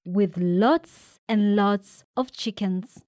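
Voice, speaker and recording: A woman from Kenya reading a children's picture book aloud, with lively shouted voices for the characters. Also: mid-range voice, very slow, no room sound, studio quality. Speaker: storybook reader. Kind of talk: expressive read-aloud storytelling.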